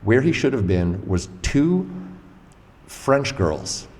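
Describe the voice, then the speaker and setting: A man with a very low voice hosts a casual podcast and tells stories with animated energy, dropping a swear now and then. His voice carries a long reverb tail, as if recorded in a live room. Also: slow pace. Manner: animated storyteller, swears freely. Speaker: podcast host and interviewer.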